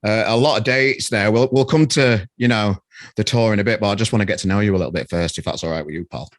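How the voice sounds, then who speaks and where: A man with a Northern English accent hosting a podcast interview over a video call from his bedroom, relaxed and matey. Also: lowish voice, fast talker, no room sound, clean studio sound. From Sheffield, England. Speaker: podcast host.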